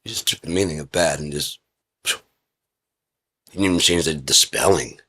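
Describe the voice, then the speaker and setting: A man's voice: very deep voice, moderate pace, bright, forceful tone, breathy edge. A man talking casually and profanely on his own indoors, rambling through a rant in a lecturing way. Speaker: vlogger. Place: indoor room with a heater.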